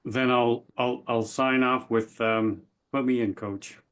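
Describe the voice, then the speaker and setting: A man in his sixties, a podcast guest, talking casually with jokes and halting starts. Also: medium pitch, steady tone, a bit bright, clean tone. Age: 60s. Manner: joking, halting.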